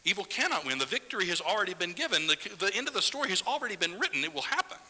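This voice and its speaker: Animated preacher man, bright sermon voice. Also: sits high, very fast, long reverb tail, poor audio. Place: church sanctuary.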